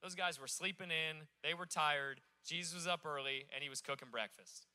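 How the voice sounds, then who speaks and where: A man from Alaska preaching from a stage, telling the story in an animated, joking way. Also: a little high, normal speed. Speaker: pastor. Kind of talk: sermon.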